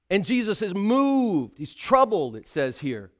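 A man preaching a sermon, dramatic, swinging between hushed quotes and loud calls. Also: sits high, wildly swooping pitch, a little slow, few pauses.

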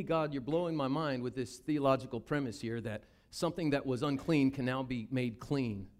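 A man's voice: medium pitch, normal speed, hardly any pauses. A man with a Southern US accent preaching a sermon, acting out the Bible characters' lines. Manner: animated, acts out Bible characters in voices. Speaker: pastor.

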